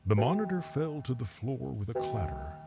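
A man giving sing-song, expressive rhyming storybook narration for an audio drama. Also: medium pitch, normal speed, vocal fry, over loud music.

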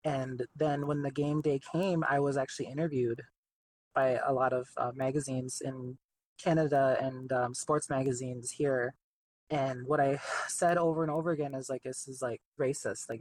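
A young man speaking as an interview guest. He talks in a chatty, relaxed way, full of fillers. His pitch sits in an ordinary middle range. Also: fairly quick, slight background noise, rough recording. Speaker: artist guest. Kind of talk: casual interview.

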